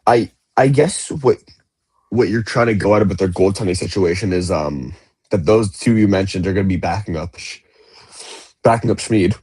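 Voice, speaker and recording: A young man with a deep, low voice co-hosts a casual sports podcast. He talks in a loose, chatty way, restarting his sentences as he goes. The sound is dry, with no room around it. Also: normal speed, a little mellow, breathy edge, dry recording. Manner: chatty, with frequent restarts and fillers. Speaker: podcast co-host. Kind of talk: casual chat.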